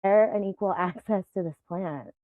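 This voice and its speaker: A woman in her forties, a podcast guest, telling stories in an animated way and laughing often. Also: medium pitch, moderate pace, no echo. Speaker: guest, event business founder. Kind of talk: casual podcast conversation. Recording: tinny phone-like remote line.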